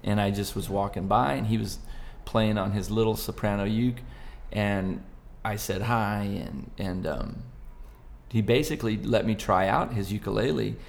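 A middle-aged man from Southern California chats as a podcast guest in a playful, rambling way. His voice is low and gravelly. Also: moderate pace. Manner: playful, jokey storyteller who slips into silly old-man voices. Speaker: podcast guest, ukulele performer. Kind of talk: casual chat.

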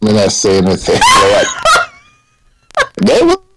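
A man's voice: on the high side, expressive, brisk, very noisy. A man joking wryly in a casual podcast chat.

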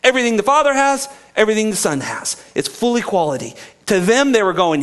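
A man preaching a sermon, reading scripture aloud and then explaining it with emphatic questions to his listeners, sometimes hushed and sometimes raised. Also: sits high, sing-song, a little fast. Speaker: pastor.

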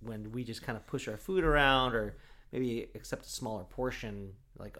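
A man's voice: fairly low pitch, moderate pace, sharp tone. A man from Oregon telling rambling stories in casual chat, full of fillers and restarts. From Oregon, USA.

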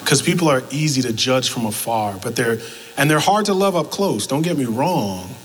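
A man's voice: medium pitch, normal speed, big-room sound, low-quality recording. A man preaching a sermon as pastor, telling stories and acting out both sides of conversations. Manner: animated storytelling, acts out both sides of conversations.

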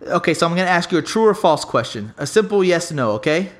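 A man co-hosting a casual chat, telling a story in an animated, rambling way with many restarts and free cursing. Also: fairly high pitch, fast. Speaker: podcast co-host.

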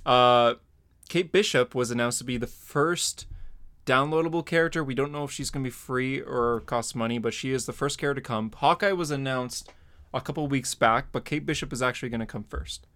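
Male podcast host, mid pitch, loose rambling delivery with fillers. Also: fairly quick, a bit bright. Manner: rambling, lots of fillers and laughs. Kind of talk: casual chat.

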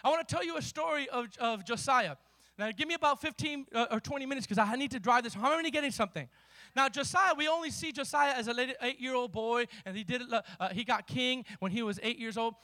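A male pastor preaching a sermon with fiery, shouted bursts and slow, emphatic readings, joking with the congregation between points. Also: extremely high pitch, no room sound. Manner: playful, jokes with the congregation.

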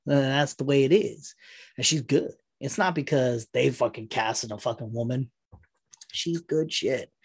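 A man in a rambling, profane, animated casual rant. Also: medium pitch, unhurried, slightly rough.

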